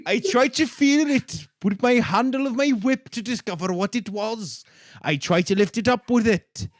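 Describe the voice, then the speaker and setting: A man's voice: very high voice, moderate pace, no room sound, studio quality, voice pushed up. A man reading out an old account in a put-on Welsh accent, voicing a Victorian male steward who describes finding a body. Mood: mock-dramatic. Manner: mock-earnest reading-aloud voice.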